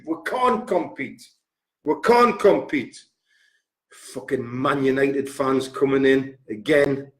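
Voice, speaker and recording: Furious swearing man, high-pitched. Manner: furious, swearing, repeats figures for emphasis. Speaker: football fan pundit. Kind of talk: angry football rant. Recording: roomy echo.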